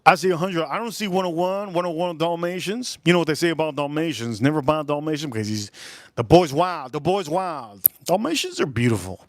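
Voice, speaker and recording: Rambling excitable man on a livestream. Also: on the high side, fast talker, few pauses, no echo, clean studio sound. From South Florida. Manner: rambling, excitable, jumps between topics. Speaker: livestream host. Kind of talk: casual livestream chat.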